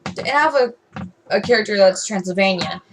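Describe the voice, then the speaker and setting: A teenage girl vents to camera in a long, rambling rant. She stumbles through fillers and restarts, and her voice sits at an ordinary pitch for a young woman. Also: lively intonation, a little fast, a little hiss or hum, poor audio. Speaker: vlogger.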